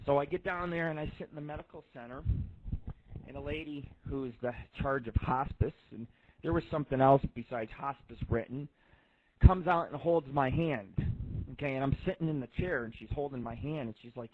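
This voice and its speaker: A man's voice: a little high, a little fast, a little hiss or hum. Brief: male radio host, profane rambling storyteller, thin phone-quality audio. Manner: crude, swears constantly, rambling. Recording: tinny phone-like line.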